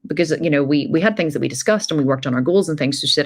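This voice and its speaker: Middle-aged woman host, low voice, chatty storytelling with asides. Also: expressive, fast talker, hardly any pauses. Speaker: podcast host. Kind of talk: casual storytelling monologue.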